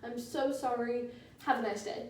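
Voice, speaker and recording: A woman's voice: fairly high pitch, steady tone, moderate pace, darkish tone, a little hiss or hum, natural voice. A woman voicing a scheming witch who rambles out insincere apologies, in an echoey room with a distant mic. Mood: fake sorry.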